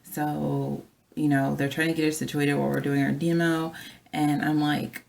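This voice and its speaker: A woman with a low voice and a gravelly edge recounts a story from her job as a flight attendant. She talks casually and with animation, often turning to her viewers as she goes. The feel is a relaxed vlog. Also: normal speed. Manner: chatty, animated, addresses viewers directly.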